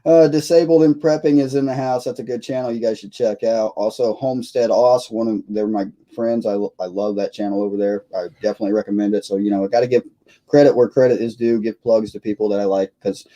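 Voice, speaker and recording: A man's voice: on the low side, fairly even intonation, quick pace, mellow, poor audio. A tired man hosting a live stream, chatting in a rambling, self-deprecating way with lots of fillers. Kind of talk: casual live stream chat.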